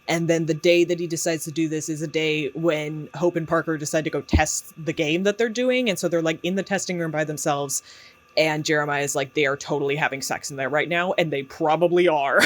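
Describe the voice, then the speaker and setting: A man giving casual commentary as a YouTube book reviewer, chatty and sarcastic, with lots of fillers and laughs. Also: fairly high pitch.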